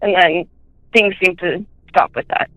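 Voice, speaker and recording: A woman telling personal ghost stories in a chatty way, full of fillers, and switching into high voices when she quotes people. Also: a little slow, fairly bright tone, no echo, low-quality recording. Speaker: guest.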